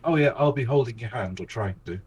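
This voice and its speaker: A man's voice: mid-range voice, lively intonation, fast talker, darkish tone, slight background noise, poor audio. A man playing a tabletop game, hesitant and full of ums and restarts. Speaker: player.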